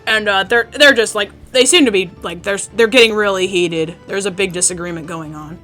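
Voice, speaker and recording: A woman's voice: medium pitch, brisk, fairly bright tone, soft background music. A woman narrating as dungeon master, rambling with fillers and self-corrections. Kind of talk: narrating a tabletop game.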